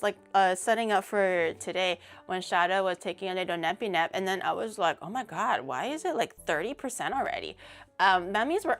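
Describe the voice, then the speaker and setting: A woman's voice: on the high side, fairly bright tone. A woman hosting a livestream in casual chat, talkative and bubbly, filling her sentences with fillers. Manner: chatty, many fillers, bubbly. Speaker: livestream host.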